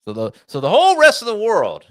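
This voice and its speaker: A man's voice: high-pitched, wildly swooping pitch, fairly quick, fairly bright tone, no room sound, clean studio sound. A man co-hosting a podcast in casual chat, rambling and joking, often restarting his sentences. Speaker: podcast co-host.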